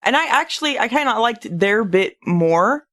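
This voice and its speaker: A podcast co-host in casual chat, talking haltingly with many restarts. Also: mid-range voice, lively intonation, a bit bright.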